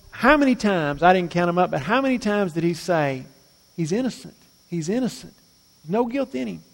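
A male pastor preaching a sermon. He swings between loud, emphatic lines and quiet, low asides. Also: big-room sound.

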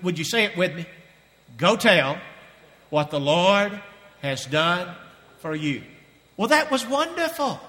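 A middle-aged man preaches a sermon in a church, his voice high and bright, ringing through a hall with a long reverb. He is animated and stretches key phrases out slowly for weight. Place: church sanctuary.

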